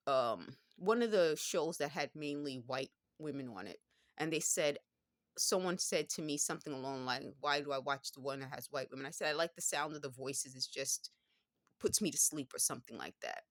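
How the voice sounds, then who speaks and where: A woman in her fifties speaks with a New York accent in a notably low voice, recorded dry and close with no room sound. She talks in a loose, rambling vlog monologue, circling back and correcting herself as she goes. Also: dry recording. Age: 50s.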